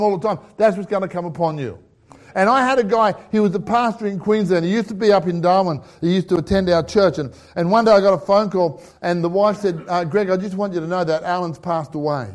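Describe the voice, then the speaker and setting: A middle-aged Australian pastor with a high, slightly mellow voice delivers a humorous sermon packed with stories and jokes. He chuckles at his own lines and keeps things chatty and narrative.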